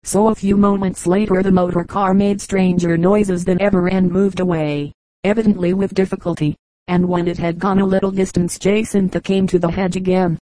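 A woman reading a novel aloud as a steady, even audiobook narrator. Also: lowish voice, normal speed, no room sound, rough recording. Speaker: audiobook reader.

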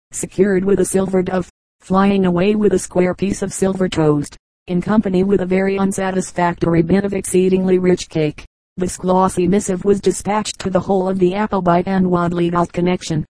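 A woman reading a Victorian novel aloud as an audiobook narrator, in a measured, even manner. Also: lowish voice, dry recording, poor audio. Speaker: audiobook reader.

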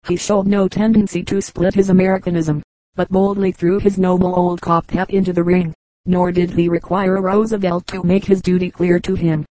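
Mellow-voiced woman reading calmly. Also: on the low side, no room sound, rough recording. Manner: measured, even reading. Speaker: audiobook reader. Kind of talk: scripted narration.

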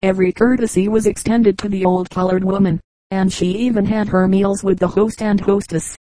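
A woman reading short humorous anecdotes aloud as an audiobook narrator, in a measured, even manner. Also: mid-range voice, dry recording, rough recording. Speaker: audiobook reader. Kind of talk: scripted narration.

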